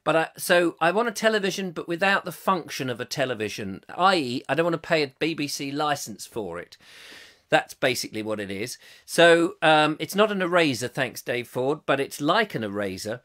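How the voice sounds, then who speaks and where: A chatty male host with a high, bouncy voice that swings all over the place. His tone is bright and forceful. He rambles and jokes as he reads out viewer comments on a live stream. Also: big pitch swings. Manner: chatty, jokey, rambling, quick to laugh.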